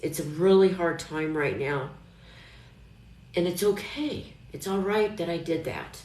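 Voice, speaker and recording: A middle-aged woman talks casually on a live stream, wandering from thought to thought in a low voice. She sounds chatty and self-reassuring. Her voice carries an echo from the room. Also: unhurried, darkish tone, slight background noise. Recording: echoey room.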